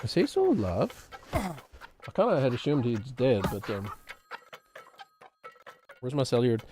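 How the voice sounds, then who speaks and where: A male streamer in loose, rambling chat who mocks himself and breaks into laughter often. His voice is a middle pitch for a man. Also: wildly swooping pitch, a little slow, mellow, a little hiss or hum. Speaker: game streamer. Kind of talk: casual live-stream chat.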